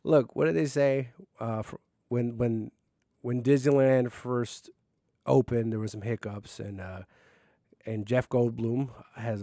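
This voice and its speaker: A young man talks alone into his mic in a basement, his voice dry and close with no room around it. He wanders from one tangent to the next, crude and easily worked up into rants, at a mid pitch that is neither high nor low. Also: darkish tone, no echo. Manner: crude, rambling, quick to anger. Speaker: podcast host. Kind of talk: solo podcast rant. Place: home basement.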